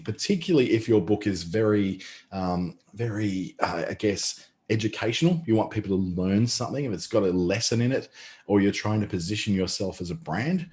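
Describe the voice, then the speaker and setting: A man's voice: deep voice, darkish tone. An Australian man with a slight lisp, chatting casually as he teaches a live online class. He rambles a little, with fillers and restarts, and talks from a short distance off his mic. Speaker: presenter. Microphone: mic a short distance away, no pop filter.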